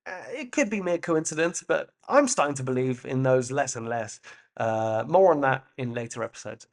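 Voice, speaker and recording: A man's voice: mid-range voice, expressive, moderate pace. A man hosting a solo podcast, musing in a playful way with loose asides and the occasional swear word. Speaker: podcast host. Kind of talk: reflective solo monologue.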